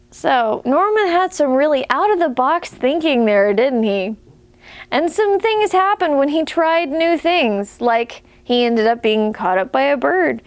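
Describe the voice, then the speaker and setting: High-voiced woman leading preschool songs. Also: no room sound. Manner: gentle, playful, sing-song, leading action songs. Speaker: children's librarian. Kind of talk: preschool story time with songs.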